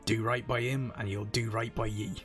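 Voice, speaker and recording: A man's voice: lowish voice, little pitch movement, moderate pace, fairly bright tone, faint music behind, lightly acted. A man voicing a brash male pirate recruiter in a put-on pirate accent, reading game dialogue aloud. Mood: swaggering.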